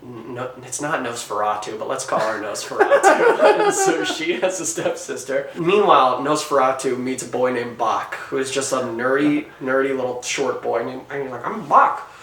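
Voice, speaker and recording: A man casually retelling a story as a joke, animated and joking. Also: mid-range voice, normal speed, hardly any pauses, reverberant, distant mic.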